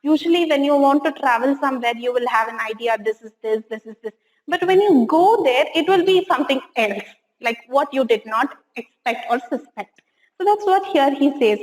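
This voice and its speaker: A woman's voice: sits high, lively intonation, normal speed, big-room sound, low-quality recording. A woman teacher with an Indian English accent, reading a textbook passage aloud and explaining it in simple words. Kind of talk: explaining a textbook lesson to students.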